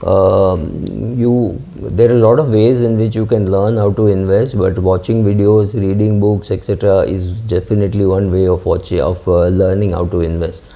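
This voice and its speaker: A man's voice: deep voice, little pitch movement, moderate pace, vocal fry, few pauses, dark tone. A middle-aged man hosting a finance channel, answering viewer questions in a casual, hesitant way, with many fillers and restarts. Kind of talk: casual talk reading and answering comments. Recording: dull lo-fi sound.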